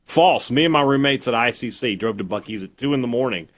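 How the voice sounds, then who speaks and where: A man's voice: medium pitch, fast. A man co-hosting sports talk radio in casual banter, arguing playfully with frequent stammered restarts.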